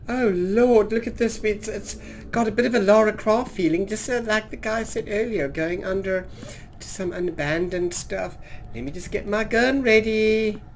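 A drag queen, a man, giving camp, theatrical gameplay commentary from a trailer, calling everyone darling, his voice turning slightly husky. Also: high voice, a little hiss or hum. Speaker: drag queen gaming streamer.

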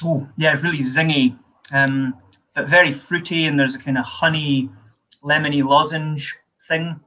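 Spirits manager, male, slightly high and bright, relaxed, descriptive. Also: normal speed, poor audio. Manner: relaxed, descriptive, many fillers. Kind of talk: tasting notes on a live call.

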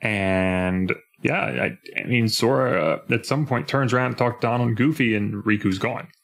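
A young man co-hosting a casual podcast, animated and jumping into mock voices as he retells scenes. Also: on the low side, moderate pace. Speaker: podcast co-host. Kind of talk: casual chat.

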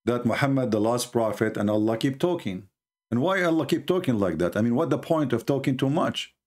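A man's voice: medium pitch, a little mellow. A man hosting a livestream, talking in a scornful, mocking way in non-native English grammar. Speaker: livestream host. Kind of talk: mocking religious debate talk.

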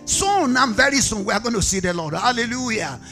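A man's voice: very high-pitched, animated, brisk, vocal fry, pushed and bright, faint music behind. A male pastor preaching a fervent church sermon, repeating short commands and calling out hallelujahs. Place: church service with music behind.

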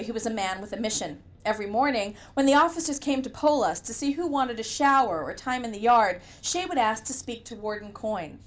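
A woman reading a novel aloud in first person, with a wry, conversational storytelling manner. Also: fairly high pitch. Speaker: audiobook narrator. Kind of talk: first-person audiobook narration.

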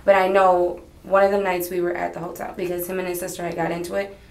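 A woman's voice: lowish voice, flat delivery, fast talker. Rambling young woman in a roomy interview room. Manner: rambling, hesitant storytelling. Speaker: witness being questioned. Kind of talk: police interview. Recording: roomy archival interview recording.

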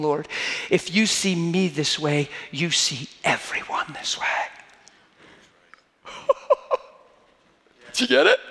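A male preacher with a high voice delivers a sermon in a church hall. His delivery is chatty and direct, climbing to fervent, insistent peaks. A long reverb trails each phrase. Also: fairly bright tone. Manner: conversational, rising to fervent emphasis; acts out quoted voices mockingly.

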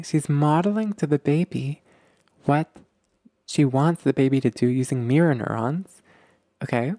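A man giving relationship advice in a gentle, explanatory way, often checking in with his listeners. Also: on the high side, normal speed, no room sound, studio quality. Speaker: relationship coach.

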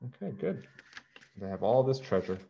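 A man, a teacher, reading a children's storybook aloud to his class in a slow, clear and expressive way, in a lo-fi recording. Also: mid-range voice, a little hiss or hum. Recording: dull lo-fi recording.

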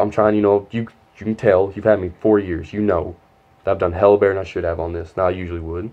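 A man's voice: low voice, steady tone, fast, muffled recording. A young man telling a long, rambling, profane story from his school days, quoting others as he goes. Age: young adult. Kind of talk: casual storytime vlog.

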